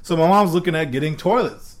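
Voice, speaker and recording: A man co-hosting a podcast, telling stories in a casual, animated way and laughing often. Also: fairly high pitch, fast talker. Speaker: podcast co-host.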